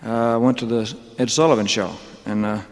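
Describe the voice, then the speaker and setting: A man's voice: mid-range voice, fairly even intonation, normal speed. A man telling his career story on stage in a loose, joking, drawling way, full of asides, with audience laughter around him. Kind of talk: rambling onstage storytelling monologue. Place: large live venue with audience laughter. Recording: live concert recording with long hall reverb and faint noise.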